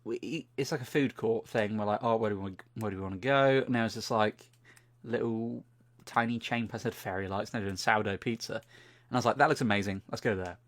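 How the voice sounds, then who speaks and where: A man's voice: on the low side, fast talker. British man telling a story. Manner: animated anecdote telling, swearing freely. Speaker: podcast co-host. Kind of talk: casual storytelling chat.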